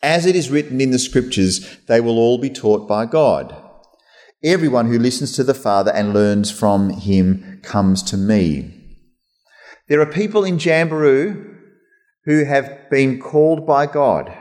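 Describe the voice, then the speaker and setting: A man preaching a conversational sermon as pastor, lively and chatty, slipping into mock voices. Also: medium pitch, unhurried. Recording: long hall reverb.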